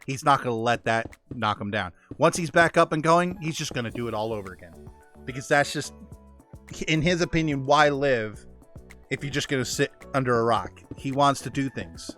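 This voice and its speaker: A man's voice: mid-range voice, normal speed, a bit bright, faint music behind. A man streaming a game, chatting casually and praising friends, with frequent restarts. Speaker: gaming streamer. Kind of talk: casual chat.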